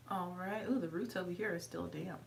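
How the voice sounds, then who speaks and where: Chatting her way through a casual hair tutorial, a woman vlogger talks as she works and coos to her dog in a high, sweet voice. Her voice is creaky, she sits far from the mic, and there is background noise.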